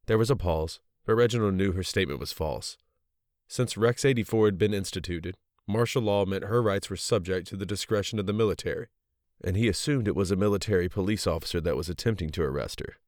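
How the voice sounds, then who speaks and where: A man with a very deep voice reads a story aloud in a steady, even narrating manner. The recording is dry and close, with no room sound. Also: a little fast, no room sound. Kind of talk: audiobook narration.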